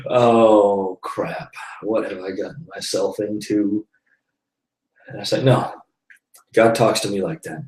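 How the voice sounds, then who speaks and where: A man's voice: fairly low pitch, unhurried, darkish tone, far from the mic. A man hosting a live web broadcast, telling a personal story in a loose, rambling way, often sighing and laughing between thoughts. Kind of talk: casual faith-based monologue. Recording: roomy echo, voice off the mic.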